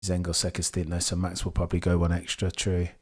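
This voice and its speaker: A young man with a Birmingham accent, hosting a live race watchalong stream in a chatty, excitable way, answering viewers as he goes. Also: deep voice, fast talker, husky. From England. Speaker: livestream host. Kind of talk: casual live race commentary.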